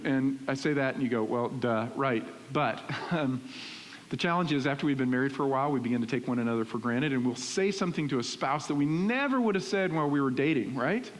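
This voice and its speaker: A middle-aged male pastor preaching in a church, animated and conversational, often checking in with "right?". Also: mid-range voice. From Texas. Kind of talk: sermon. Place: church sanctuary. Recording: reverberant church hall with faint hiss.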